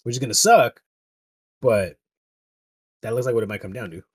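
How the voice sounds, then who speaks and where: A young man in relaxed, slangy casual chat. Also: mid-range voice, normal speed, husky, no echo, clean studio sound. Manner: laid-back, slangy.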